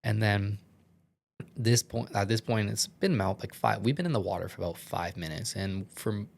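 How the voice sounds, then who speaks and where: Lower-voiced young man telling a rambling story. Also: normal speed, gravelly. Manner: rambling, heavy use of filler words and swearing; shaken, earnest retelling. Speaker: podcast guest. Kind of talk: casual storytelling.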